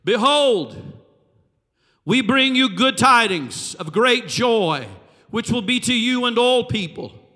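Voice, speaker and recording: A majestic archangel's proclamation, booming and deliberate, as a preacher acts him out in a high, bright voice. A long reverb trails behind every phrase. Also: male voice, lively intonation, full character voice. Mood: proclaiming. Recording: reverberant hall.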